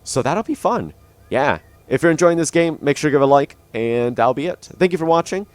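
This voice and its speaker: A man's voice: fairly high pitch, animated, a little fast, dry recording. A young man giving casual, rambling commentary on his own gameplay, with many fillers and restarts, into a studio mic. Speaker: gaming channel host. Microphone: dynamic studio mic.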